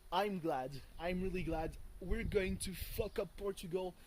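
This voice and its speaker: A man's voice: high-pitched, steady tone, measured pace, darkish tone, slight background noise, poor audio. A man, rambling casually and swearing freely while vlogging from home on a hot morning. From France. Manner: rambling and profane, with many fillers and chuckles. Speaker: video blogger.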